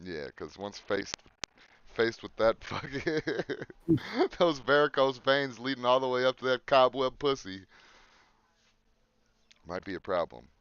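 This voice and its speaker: A man's voice: medium pitch, expressive, measured pace, pauses often, fairly bright tone, smooth, lo-fi sound. A man with a Chicago accent trading crude, profane jokes as a podcast co-host. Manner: crude, joking, profane banter. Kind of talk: casual chat.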